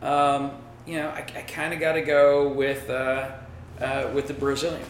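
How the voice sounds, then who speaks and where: A man's voice: medium pitch, completely flat delivery, normal speed, a little hiss or hum. Laid-back man in an echoey room. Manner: laid-back, rambling, swears casually. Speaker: podcast co-host picking fights. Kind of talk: casual chat.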